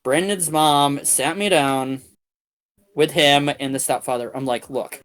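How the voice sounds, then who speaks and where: A young man on a game stream tells a long anecdote, full of profanity and restarts. His voice sits a little higher than most men's. He talks loosely and crudely, doubling back on his words as he goes. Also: steady tone, a little slow, fairly bright tone. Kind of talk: casual storytelling on a game stream.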